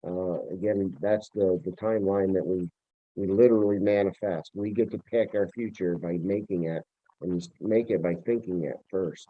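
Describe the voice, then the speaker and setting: Low male guest from Vermont, rambling interview chat, tinny call audio. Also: steady tone, moderate pace, no room sound. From Vermont, USA. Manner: rambling, searching for words, many restarts. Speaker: returning guest, TV producer. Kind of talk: casual interview talk. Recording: tinny phone-like remote line, dry.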